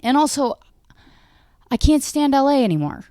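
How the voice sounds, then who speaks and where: A woman's voice: high-pitched, sing-song, moderate pace, warm tone, no echo, studio quality. A woman hosting a comedy podcast, rambling through a profane, self-deprecating monologue.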